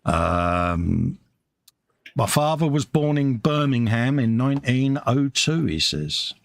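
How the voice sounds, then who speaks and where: A man's voice: mid-range voice, sing-song, slow pace, vocal fry. A British man co-hosting a casual live stream from his hobby workbench, chatting and reading viewer comments aloud, calling everyone mate. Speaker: live show co-host.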